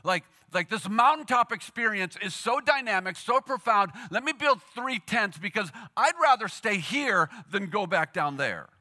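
A male pastor delivers a sermon as a casual, animated story, often slipping into the voices of his characters. His voice is bright and forceful. His pitch rides high and swoops widely from phrase to phrase. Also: moderate pace, hardly any pauses. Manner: animated, conversational storytelling with acted quotes.

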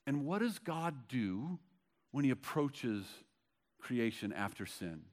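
A man preaching a sermon, shifting between hushed, slow words and loud bursts, and acting out the dialogue of Bible stories. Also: mid-range voice, sing-song. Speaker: pastor.

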